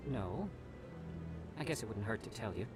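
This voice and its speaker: A man's voice: lowish voice, lively intonation, normal speed, music in the background, natural voice. A man voicing a nervous, secretive researcher in video game dialogue, hesitant and evasive.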